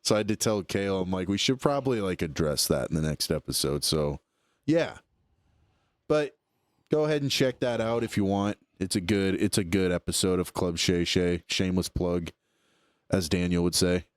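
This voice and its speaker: Man, young adult, very low voice, casual sports chat, rambling, fillers, dry sound. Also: moderate pace, smooth, dry recording. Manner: relaxed, rambling, many fillers. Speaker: podcast co-host.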